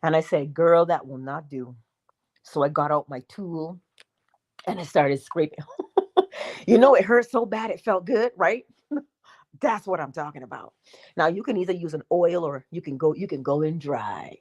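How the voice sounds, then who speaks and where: Lively, expressive woman teaching on a livestream. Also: lowish voice, moderate pace, long pauses. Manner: emphatic, conversational, asks the audience questions; acts out little dialogues with herself. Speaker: spiritual teacher hosting a morning livestream. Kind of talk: live-stream teaching talk.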